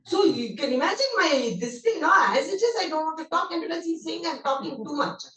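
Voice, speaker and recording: A woman's voice: high-pitched, animated, brisk, fairly bright tone. A woman, a guest speaker animatedly telling emotional memories in a devotional talk. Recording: roomy hall, distant mic.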